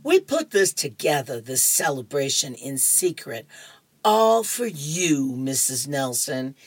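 A woman voicing a young schoolboy earnestly thanking his teacher, in an even, unhurried read. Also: rumbling low, husky, dry recording, full character voice.

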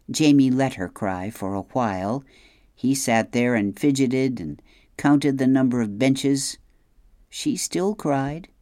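Slow, low-voiced woman reading a story. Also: no room sound, studio quality. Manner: measured, gentle storytelling. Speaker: audiobook narrator. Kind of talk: scripted narration.

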